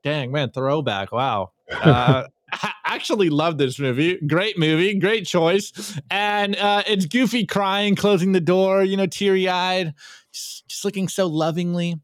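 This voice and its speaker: High-pitched energetic male host. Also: a little slow, no room sound. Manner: energetic, repeats words when starting sentences. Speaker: podcast host. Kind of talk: casual meme review chat.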